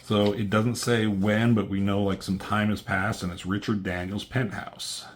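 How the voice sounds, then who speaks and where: A man's voice: lowish voice, level tone, moderate pace. A man casually walking through a comic book in a review, rambling with lots of fillers and loose, profane slang.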